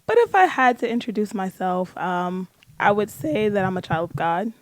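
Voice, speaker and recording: Woman guest, mid-pitched, modest and soft-spoken, dry close mic. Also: animated, moderate pace, no echo. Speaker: podcast guest. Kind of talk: faith podcast conversation.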